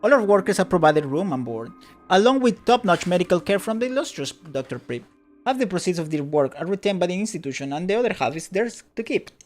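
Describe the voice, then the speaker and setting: A trilling receptionist woman in a dark fantasy game, high and sing-song, with a lilting, animated pitch that rises and falls, as a man puts her on. Her politeness is practiced and bureaucratic, every line sounding rehearsed a hundred times, over faint game music. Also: fast talker. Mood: chirpy. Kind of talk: reading game dialogue aloud.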